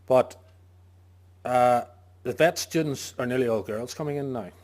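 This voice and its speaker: A man's voice: medium pitch, measured pace, a little mellow. Farmer guy talking to a room of farmers from a stage, punchy, throws out questions then answers them, cracks a joke now and then. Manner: emphatic, asks himself questions and answers them; jokey asides. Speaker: sheep farmer giving a presentation. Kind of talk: informal talk to a farming audience.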